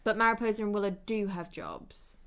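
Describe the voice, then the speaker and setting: A woman's voice: medium pitch, fairly quick. A woman co-hosting a film podcast, chatting casually and with animation, full of "like" and "sort of", with some swearing. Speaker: podcast co-host. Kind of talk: casual film review chat.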